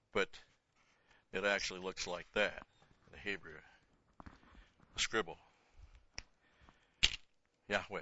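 A man's voice: deep voice, bright, forceful tone, lo-fi sound, slight background noise. Man teaching Scripture verse by verse. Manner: reads scripture aloud with rising emphasis, then explains in a casual aside. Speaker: Bible teacher.

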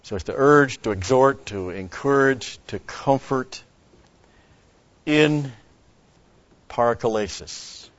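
A pastor teaching an expository Bible sermon, speaking deliberately and stopping to explain Greek word meanings. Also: male voice, mid-range voice, expressive, dry recording, highs cut off.

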